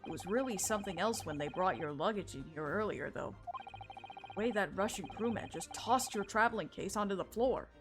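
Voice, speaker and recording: A woman's voice: medium pitch, lively intonation, a little fast, lightly acted. Girl reading as a cocky young guy, teasing, music going. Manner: teasing, breezy. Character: cheerful confident young male student.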